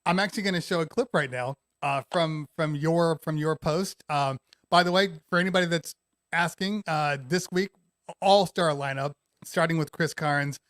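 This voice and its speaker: A man's voice: fairly high pitch, a bit bright, no room sound, clean studio sound. A man hosting a casual online talk show, chatting and encouraging his guest. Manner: encouraging, quick back-channel replies. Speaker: host. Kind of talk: casual podcast chat.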